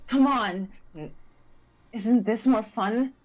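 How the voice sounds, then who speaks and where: A woman voicing a lonely young female fighter in a tabletop game, talking in a slow, wistful, teasing way. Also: on the high side, pitched above the performer's own voice.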